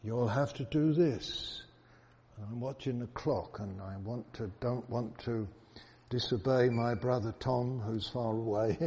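Slow earnest man preaching in a hall. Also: medium pitch, warm tone, breathy edge. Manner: earnest, repeats phrases for emphasis, tells stories. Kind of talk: sermon. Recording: dull echoey hall recording.

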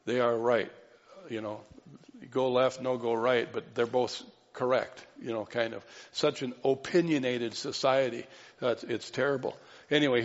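A man preaching a sermon as pastor, earnest and repeating key phrases for emphasis. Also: medium pitch. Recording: dull reverberant hall recording.

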